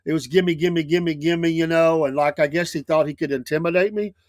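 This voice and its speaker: A man's voice: on the high side, a little fast, dry recording, clean studio sound. Rambling Southern man spinning a yarn. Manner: rambling, animated storyteller with many restarts. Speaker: show host. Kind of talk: casual storytelling talk.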